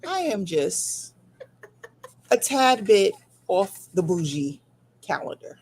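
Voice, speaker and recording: A woman's voice: medium pitch, sing-song, takes it slowly, a little mellow, slight background noise. Playful teasing woman on a video call. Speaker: guest. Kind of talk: casual chat on a video call.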